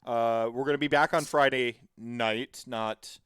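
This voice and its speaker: A man's voice: mid-range voice, fairly even intonation, unhurried, a bit bright, clean tone, dry recording, clean studio sound. A man hosting a podcast in casual chat, rambling and digressive as he tells stories. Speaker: podcast host.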